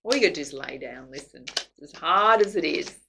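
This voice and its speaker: Woman, tarot reader, low-pitched, gravelly, chatty. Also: animated, brisk, background noise. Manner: chatty, laughs often, warm affirmations. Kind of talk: tarot reading to camera.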